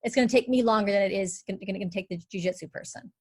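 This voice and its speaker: A woman who works as a dialect coach, explaining in clear steps and with a lively delivery during a live online panel talk. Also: medium pitch, racing.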